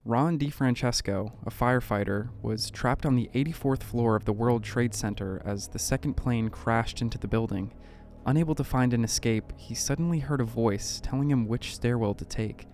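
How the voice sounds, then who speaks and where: A man giving a measured, suspenseful scripted narration for a documentary about unexplained events. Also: medium pitch, a little mellow, slight background noise. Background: faint background music.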